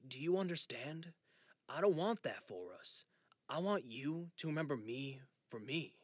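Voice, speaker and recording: A male narrator voicing an ailing father facing memory loss, who speaks in a steady, gently insistent way in an audiobook reading. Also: fairly high pitch, a little slow, husky, no room sound, studio quality. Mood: resolved, tender.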